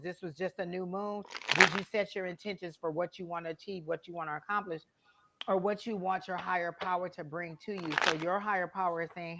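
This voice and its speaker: A woman's voice: on the low side, fairly even intonation, brisk, pushed and bright, a little hiss or hum. A woman tarot reader on a live stream, speaking straight to a viewer and asking many questions as she gives a reading.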